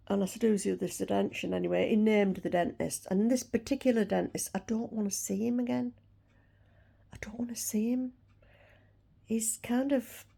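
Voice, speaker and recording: A woman's voice: mid-range voice, creaky, warm tone. A woman, chatting frankly to camera and ranting about a dentist. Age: 60s. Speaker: vlogger. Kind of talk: casual chat to camera.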